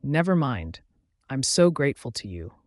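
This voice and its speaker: A man voicing a gentle, grateful young woman with scars in a werewolf audiobook, speaking softly and quietly. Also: medium pitch, sing-song, normal speed, no room sound, clean studio sound, lightly acted. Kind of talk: audiobook narration.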